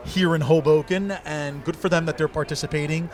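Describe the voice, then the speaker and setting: A man's voice: on the high side, steady tone, fairly quick. A man hosting a food vlog outdoors on city streets, upbeat and teasing his co-host as they taste slices.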